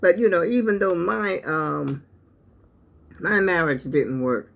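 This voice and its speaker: A woman's voice: fairly low pitch, animated, slow, creaky. An older woman, hosting her own channel and giving an emotional, preachy talk that speaks straight to her viewers. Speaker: channel host. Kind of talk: heartfelt talk to camera.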